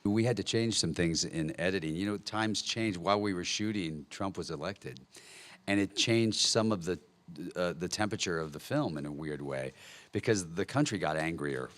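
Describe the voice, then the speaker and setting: A man directing a film, answering press questions in a relaxed, wry, understated way at a table microphone. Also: deep voice, moderate pace. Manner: wry, dry understatement with small laughs. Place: press conference hall.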